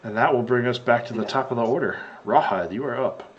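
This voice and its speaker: Guy running a tabletop game, easygoing narration, average pitch. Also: a little fast, lo-fi sound, slight background noise. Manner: relaxed, chatty narration. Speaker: game master.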